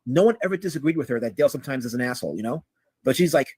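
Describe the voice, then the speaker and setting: Husky man telling a long story. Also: mid-range voice, animated, rapid-fire, a little mellow, no echo, low-quality recording. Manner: rambling, frequent "you know" asides. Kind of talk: casual storytelling on a call-in show.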